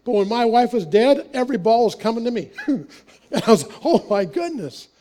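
A man's voice: extremely high pitch, animated, fairly quick, mellow. A middle-aged man from Wisconsin, an author and speaker, telling personal stories to an audience in an earnest, folksy way with wry humor and frequent restarts. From Wisconsin, USA. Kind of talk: personal storytelling talk to an audience.

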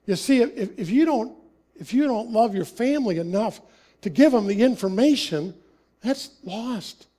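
A man's voice: sits high, lively intonation, normal speed, warm tone. A man preaching a sermon, telling personal stories in a conversational way, chuckling often and acting out the dialogue.

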